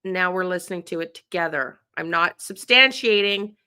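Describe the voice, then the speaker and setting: Bright, smooth-voiced woman host. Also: on the low side, normal speed. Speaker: host of a true crime tarot channel. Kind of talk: live stream commentary.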